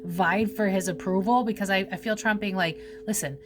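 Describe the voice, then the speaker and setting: A woman's voice: medium pitch, steady tone, brisk, over music. Casual rambling woman doing a psychic reading. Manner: rambling, swears casually, many fillers. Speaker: psychic reader.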